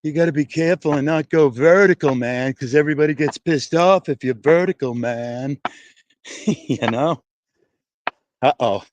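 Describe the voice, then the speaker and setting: A man streams live on a walk outside, rambling and cursing casually as he talks to his chat. He is a little winded from walking, and his voice sits slightly high. The sound is close and dry, with no room around it. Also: moderate pace, pauses often, no room sound. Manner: rambling, profane, chatting to viewers. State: out of breath from walking. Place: outdoors in wind and breeze.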